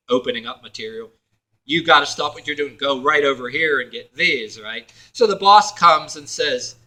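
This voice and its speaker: Speaking to camera, a video blogger tells a personal story in a meandering way, with lots of fillers and restarts, acting out what other people said. His medium-pitched voice sounds pushed and bright on a rough recording.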